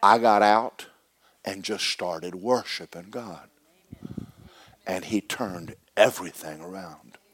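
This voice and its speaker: A man preaching a sermon as a story, swinging between loud bursts and hushed words. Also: sits low, slow pace, long pauses, slightly rough.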